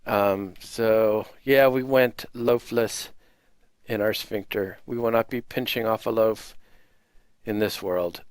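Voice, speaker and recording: A man's voice: lowish voice, fairly even intonation, takes it slowly, clear, resonant tone, dry recording. An American man hosting a casual Minecraft video, rambling with many fillers and self-deprecating asides. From United States. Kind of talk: casual gameplay commentary.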